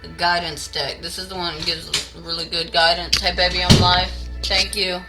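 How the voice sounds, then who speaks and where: A woman's voice: on the low side, level tone, normal speed, over loud music, low-quality recording. Foul-mouthed woman ranting on a live stream. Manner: blunt and heavily profane, ranting; calls viewers baby and y'all, greets chat by name. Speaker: tarot reader hosting a live stream. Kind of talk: casual live-stream chat and tarot reading. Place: her home at night.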